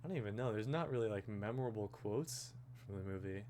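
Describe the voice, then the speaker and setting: A man rambling through a casual monologue, thinking aloud and musing to himself with soft chuckles. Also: fairly low pitch, animated, quick pace, slight background noise. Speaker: vlogger.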